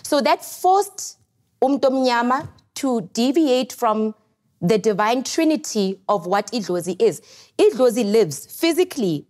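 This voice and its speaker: A woman's voice: a little high, a little mellow. A woman with a South African accent, a podcast guest explaining things in an earnest, lecturing way. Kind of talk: podcast discussion.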